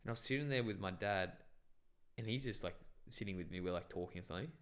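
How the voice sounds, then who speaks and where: A young man with a lowish voice talks in loose, rambling chat. His story wanders with fillers and constant swearing. He is originally from Bangladesh. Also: quick pace, a bit bright. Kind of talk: casual chat.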